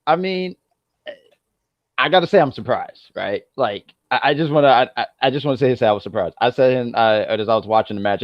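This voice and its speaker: A man co-hosting a casual wrestling review podcast, rambling with many restarts and bursts of loud excitement. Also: medium pitch, dry recording, lo-fi sound. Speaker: podcast co-host.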